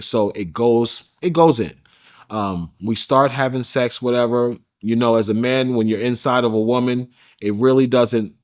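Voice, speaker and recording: Male interview guest with a mid-range voice who tells his story casually, with emphatic slang. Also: medium pitch. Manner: emphatic, slangy, addresses listener as bro.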